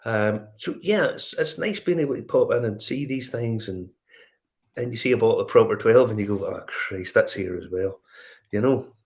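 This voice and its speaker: A middle-aged man with a Northern Irish accent, telling animated travel stories in casual chat and acting out the dialogue. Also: medium pitch, fairly quick. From Northern Ireland. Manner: animated storyteller, acts out dialogue. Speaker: whiskey show guest.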